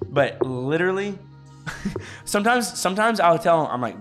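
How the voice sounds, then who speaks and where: A loud young man with a carrying, slightly higher-pitched voice chats animatedly as co-host of a live stream, laughing often and swearing casually. He talks close to a studio mic. Faint music plays underneath. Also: expressive, moderate pace. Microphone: studio microphone.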